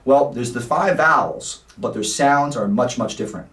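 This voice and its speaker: A man's voice: mid-range voice, normal speed, a bit bright. A man teaching a singing lesson, explaining vowels patiently and singing short vowel examples. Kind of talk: vocal lesson. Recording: roomy sound, mic at a distance.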